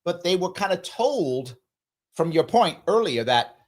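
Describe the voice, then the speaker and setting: Man, live talk host, opinion commentary, preachy, emphatic, pitch leaping around. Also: measured pace. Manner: animated, sweeping pitch jumps.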